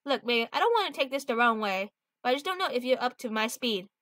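A woman's voice: a little high, animated, quick pace, fairly bright tone, no room sound, studio quality. Smug young bachelor, read by a woman. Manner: smug, condescending.

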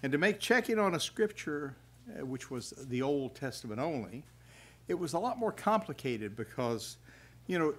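A man's voice: medium pitch, a bit bright. An older man giving a folksy sermon, chuckling now and then and reading scripture aloud. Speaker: preacher. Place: church hall at a religious festival.

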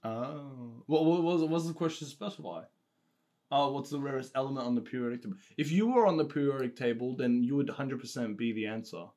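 A young man playing contestant in a friends' quiz, thinking out loud and giggling. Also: mid-range voice, brisk. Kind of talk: casual joking banter.

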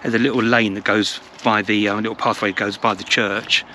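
This English travel vlogger has a lowish, sharp-toned voice with little pitch movement and speaks a little fast. He narrates a casual village walk, chatty and rambling with repeated words, as clear traffic noise sounds around him outdoors.

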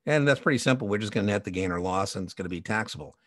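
A man's voice: lowish voice, expressive, racing, no echo, clean studio sound. A man teaching an exam prep lecture in a chatty, digressive way, full of personal anecdotes and asides. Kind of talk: conversational recorded lecture.

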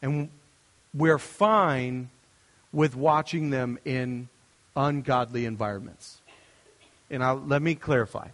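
A man's voice: medium pitch, takes it slowly, pauses often, fairly bright tone, in a large hall. A young adult male pastor giving a conversational, story-driven sermon. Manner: storytelling, conversational, with restarts and asides.

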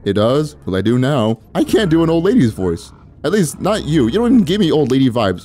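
Brief: gaming host, playful and jokey, mellow voice, light music underneath. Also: male voice, fairly high pitch, very animated. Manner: playful, jokey, quick reactions and exclamations. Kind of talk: casual gameplay commentary.

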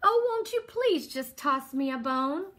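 A woman's voice: high voice, animated, unhurried, a bit bright. A woman voicing a hungry male dog in a picture book, begging in a whiny, pleading tone.

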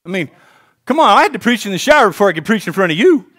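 A man pastor preaching a sermon, swinging between hushed intensity and fired-up exclaiming, calling on the congregation to repeat lines after him. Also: sits high, sing-song, very fast.

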